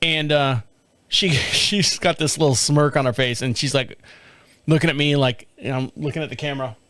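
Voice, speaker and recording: A middle-aged man telling a story casually on his podcast, animated and laughing often, with some swearing. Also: medium pitch, moderate pace. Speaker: podcast host. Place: home studio.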